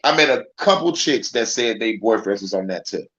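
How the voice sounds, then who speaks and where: A man's voice: lowish voice, expressive, moderate pace, a bit bright, highs cut off. A man hosting a casual livestream, ranting and rambling in heated, profane commentary. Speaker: livestream host. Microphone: phone.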